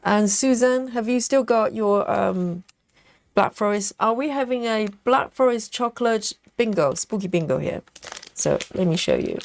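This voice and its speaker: A woman's voice: medium pitch, animated, moderate pace, creaky. A woman hosting a live stream in casual, chatty talk, reading out and answering viewer comments with frequent laughs.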